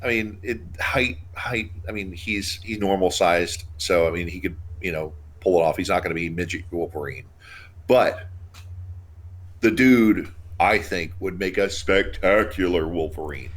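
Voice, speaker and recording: A man's voice: low voice, unhurried. A man in his thirties, co-hosting a casual podcast chat, rambling with restarts and frequent laughs. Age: 30s. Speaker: podcast co-host.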